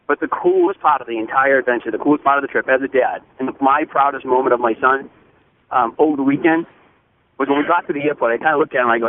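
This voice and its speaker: A man eagerly telling a proud story as a phone-in guest, earnest and rushing, restarting his sentences. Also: mid-range voice. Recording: tinny phone line with faint noise.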